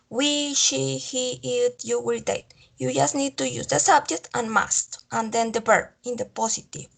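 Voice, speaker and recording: Repeating each example and confirming with "okay?", a Spanish-speaking woman teaches English grammar online. Her voice is high and husky.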